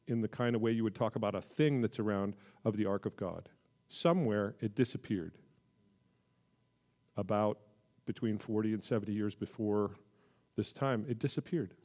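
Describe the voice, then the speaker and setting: A man giving an informal Bible teaching with a mellow, relaxed tone. He talks conversationally, with rising emphasis when he reads scripture aloud. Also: medium pitch. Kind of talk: casual midweek Bible teaching.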